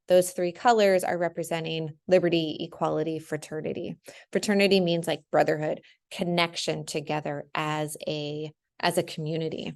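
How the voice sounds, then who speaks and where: Young woman teacher, chatty screen-share walkthrough, low and gravelly. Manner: chatty, full of ums and "right?". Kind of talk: casual screen-share lesson.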